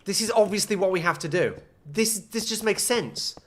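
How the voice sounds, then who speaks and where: A young man with a high, slightly bright voice talks at normal speed, casually narrating his own gameplay as a gaming streamer. He mutters to himself and now and then bursts out in frustration.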